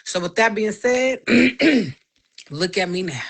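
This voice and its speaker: A woman in her thirties telling a personal faith story in casual talk, animated and acting out the voices of people she quotes. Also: medium pitch, slow, creaky. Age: 30s.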